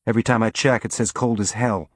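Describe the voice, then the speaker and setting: A man playing a spaceship captain giving brisk orders during a raid. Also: lowish voice, fairly even intonation, no echo, studio quality, close to an everyday voice. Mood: commanding. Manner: brisk, commanding.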